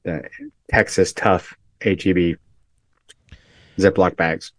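Laid-back low-voiced man. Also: steady tone, no room sound. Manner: laid-back, halting, short replies. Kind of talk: casual chat.

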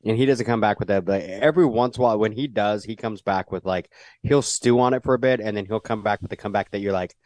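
A man's voice: lowish voice, quick pace, darkish tone, no echo. A man in casual chat who adds short reactions and wry remarks to a friend's story.

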